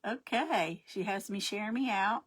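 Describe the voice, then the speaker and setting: On her crafting livestream, a middle-aged woman speaks a little slowly in a mid-range voice that's fairly bright yet slightly rough. She chats casually, welcoming each viewer by name when they arrive.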